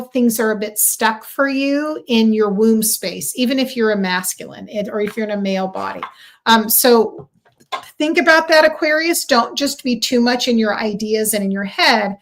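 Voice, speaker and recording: A woman with a fairly high voice reads tarot and astrology on a live stream at a moderate pace. Chatty and effusive, she speaks directly to her viewers, peppering her talk with lots of "um"s and "okay"s.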